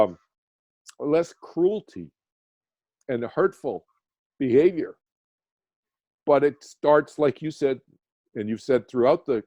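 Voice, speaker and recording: A meditation teacher appears as a radio guest, telling a personal story in an earnest, rambling way with many restarts. His medium-pitched voice is mellow, and the dry, lo-fi recording sounds like it came through a phone or video call.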